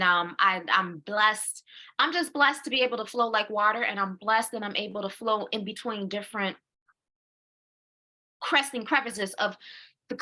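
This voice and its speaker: Co-hosting a casual chat, a woman in her forties sounds bright and lively, her medium-pitched voice crisp and forward. She repeats words while collecting her thoughts, laughs a lot, and voices her own inner monologue mid-sentence.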